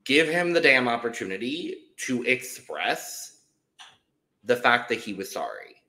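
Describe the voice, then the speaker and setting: A man recapping reality TV with a co-host over a video call. His voice is mid-pitched and notably bright and forward. He speaks bluntly, pushes his point firmly and swears casually. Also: very animated, a little slow. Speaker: podcast co-host.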